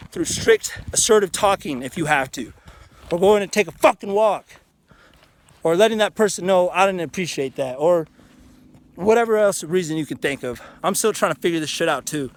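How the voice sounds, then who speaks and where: A man vlogging outdoors in a canyon, giving a casual motivational talk that is earnest, frank and full of swearing. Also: high-pitched. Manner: earnest, frank and profane, with many restarts.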